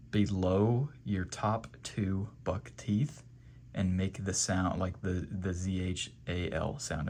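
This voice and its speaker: A man's voice: sits low, a little mellow, a little hiss or hum. A man teaching Quran reading step by step, patiently repeating letter sounds and checking in with "okay?". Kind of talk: step-by-step pronunciation lesson.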